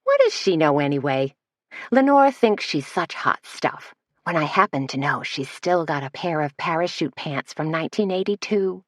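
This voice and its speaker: A woman's voice: low-pitched, big pitch swings, normal speed, no room sound, studio quality. A woman narrator voicing a laid-back man who talks in a drawl. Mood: wry.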